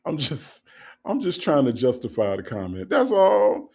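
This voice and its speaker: A man's voice: medium pitch, big pitch swings, normal speed, a little mellow, breathy edge. A man hosting a casual livestream, teasing his chat with repeated rhetorical questions and frequent laughter. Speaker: livestream host reading chat. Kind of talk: casual live commentary.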